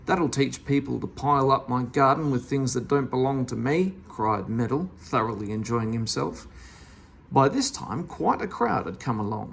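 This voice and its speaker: Storybook narrator: expressive, gravelly reader with a very lively pitch. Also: a little hiss or hum. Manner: expressive, animated. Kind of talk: storybook read-aloud.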